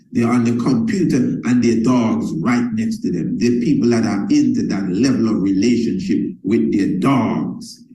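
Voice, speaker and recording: Man, motivational sales coach, mellow emphatic voice, repetitive delivery, echoey room. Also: medium pitch. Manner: emphatic and repetitive, addresses listeners as family.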